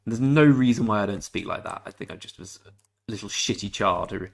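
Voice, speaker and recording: Young English male game streamer, low-ish register, laid-back banter. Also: brisk, gravelly. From England. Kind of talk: casual livestream chat with viewers.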